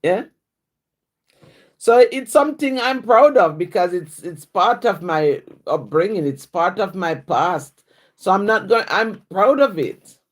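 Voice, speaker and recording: A Jamaican woman reads her own poems at an unhurried pace, her voice sitting at a moderate pitch. The rhyming lines roll out in a rhythmic patois cadence. Between pieces she slips into relaxed chat with her listeners, full of easy fillers. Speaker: writer and poet. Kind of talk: reciting own poems and chatting on a live stream.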